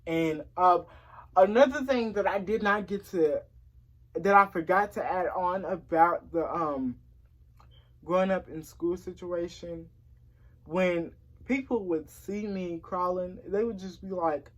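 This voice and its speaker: A woman's voice: on the low side, slow, low-quality recording. A woman talking candidly to camera, frustrated and repeating words for emphasis. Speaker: vlogger. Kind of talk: casual personal vlog talk.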